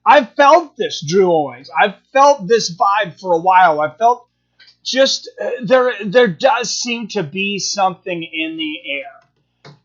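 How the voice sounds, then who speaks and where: A man with a high voice hosts a live stream, talking casually and answering viewers' comments. He thinks out loud, circling back with fillers and restarts. The sound is dull and lo-fi. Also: animated, takes it slowly. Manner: rambling, thinking aloud with many fillers and restarts.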